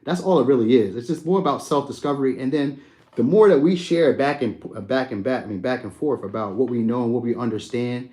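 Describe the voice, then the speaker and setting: A young adult man hosting a live stream, chatting casually and answering viewers' comments by name in a relaxed, slangy way. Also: mid-range voice, fairly quick. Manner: laid-back, slangy, talks to viewers by name.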